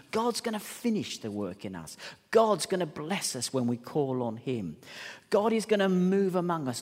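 A man preaching in a church, his high voice rising and falling with lively sweeps. He tells stories with animation, dropping to quiet asides and then ringing out. The sound carries a long hall echo. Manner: animated, storytelling, swings between hushed and loud. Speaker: pastor. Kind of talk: sermon.

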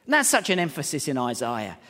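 A man preaching a sermon as pastor in a church, telling stories with animation and swinging between hushed asides and loud, ringing peaks. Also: mid-range voice, huge pitch swings, a little fast, long reverb tail.

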